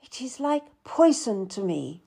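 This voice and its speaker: A woman's voice: high voice, big pitch swings, slow, a little mellow, pitched above the performer's own voice, exaggerated voice. A woman reading aloud, voicing a grieving young noblewoman who pleads for honest advice. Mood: distraught.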